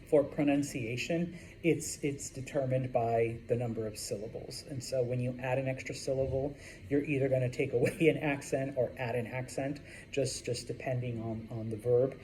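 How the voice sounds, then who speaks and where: A man's voice: mid-range voice, a little mellow, slight background noise, rough recording. A man teaching a Spanish class in a classroom, talking casually with many fillers and checking in with "okay?". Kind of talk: classroom lecture.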